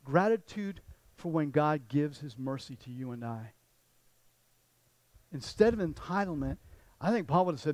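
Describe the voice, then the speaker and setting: A man's voice: fairly high pitch, expressive, normal speed, long pauses, a little mellow, dry recording, low-quality recording. Man preaching a conversational sermon. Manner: conversational preaching with repeated words and restarts. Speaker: pastor.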